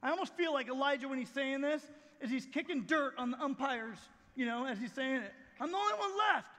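A man preaching a sermon as pastor, telling the story dramatically, swinging from shouts to hushed asides. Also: extremely high pitch, a little fast, big-room sound.

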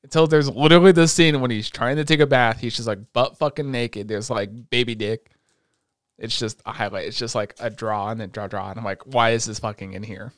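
A young man hosting a casual chat, retelling an anime with lots of swearing and excitable energy. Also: medium pitch, brisk, no echo, studio quality. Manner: profane, excitable storytelling.

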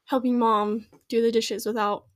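A woman's voice: a little high, level tone, moderate pace. A young woman in her teens, a podcast guest, earnestly telling a personal story with frequent giggles. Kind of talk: casual podcast chat.

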